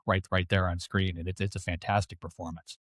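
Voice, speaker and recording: Fast-talking low-voiced man. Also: level tone, a bit bright, no echo, clean studio sound. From United States. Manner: rambling, filler-heavy, self-deprecating humor. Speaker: guest author. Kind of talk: casual interview talk.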